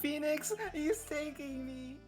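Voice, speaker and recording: A man putting on a squeaky falsetto to voice a frightened young woman sidekick in a live game fan dub. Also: little pitch movement, takes it slowly. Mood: panicked.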